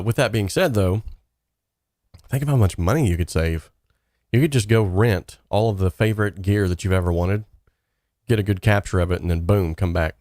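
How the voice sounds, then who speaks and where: A man hosting a live stream, casually reading and answering chat questions with rambling, energetic talk. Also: sits low, dry recording, studio quality. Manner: energetic, rambling, reads chat comments aloud.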